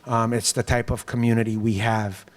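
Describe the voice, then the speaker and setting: A man giving a public speech to a business group as mayor, telling stories in an animated way and acting out other people's lines. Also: medium pitch, normal speed. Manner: animated storytelling, acts out quoted voices with laughs. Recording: long hall reverb.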